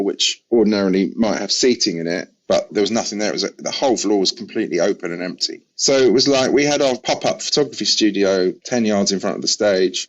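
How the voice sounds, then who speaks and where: An English man with a lowish voice tells stories about his work in a loose, chatty way, full of asides and animated retellings. The sound is dull and a little lo-fi. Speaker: photographer guest. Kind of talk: casual anecdotal storytelling.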